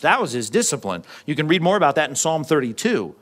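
A man's voice: fairly high pitch, sing-song, fast, fairly bright tone. A man preaching a sermon in a conversational way, often asking the congregation questions and repeating words as he goes. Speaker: pastor.

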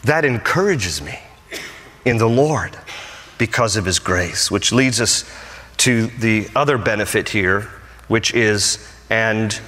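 A man's voice: on the low side, sharp tone. A male pastor preaching a sermon with emphatic, rising repetitions. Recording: long hall reverb.

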